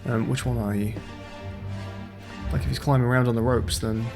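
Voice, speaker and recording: Brief: young male streamer, casual let's-play chatter, mid pitch, faint music under. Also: fairly even intonation, normal speed, vocal fry. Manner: thinking aloud, chatty, hesitant with ums. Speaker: game streamer.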